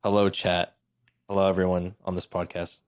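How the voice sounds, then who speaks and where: A man's voice: low-pitched, little pitch movement, moderate pace. A man joining a podcast as a guest, laid-back in his greetings. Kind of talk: casual podcast chat.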